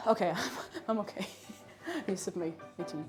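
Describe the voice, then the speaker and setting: A woman live-streams herself baking and chats casually, breaking into excited squeals and shouts before dropping to soft mumbles and laughter. Her pitch is medium and her pace normal, with soft music in the background.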